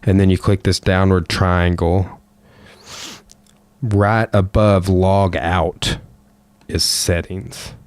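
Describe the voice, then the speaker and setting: A deep-voiced man hosts a podcast and rambles loosely, full of filler and swearing. The sound is dry and close, with no room around it. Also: steady tone, slow pace, pauses often, clean tone, no echo. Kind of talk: casual chat.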